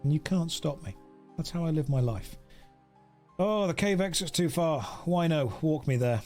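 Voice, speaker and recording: A man's voice: a little high, expressive, normal speed, darkish tone, faint music behind. A man chatting casually on a live game stream, joking and reading chat aloud into a desk microphone.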